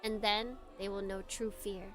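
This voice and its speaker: A woman streamer playing a visual novel, laughing at the story and reading its narration aloud in a hushed, dramatic tone. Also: medium pitch, little pitch movement, moderate pace, faint music behind. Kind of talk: let's play commentary and dramatic reading.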